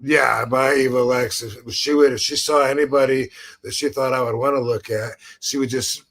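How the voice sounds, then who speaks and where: A man's voice: medium pitch, fairly even intonation, moderate pace, a bit bright. A man hosting a podcast, telling a rambling story full of restarts and acted-out quotes. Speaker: podcast host. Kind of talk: casual chat.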